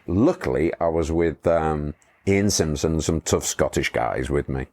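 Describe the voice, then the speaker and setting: Man, very low voice, middle-aged, chatty guest, rambling anecdotes with restarts. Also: unhurried, a little mellow. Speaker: motorcycle tour company owner, guest. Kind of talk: casual storytelling interview.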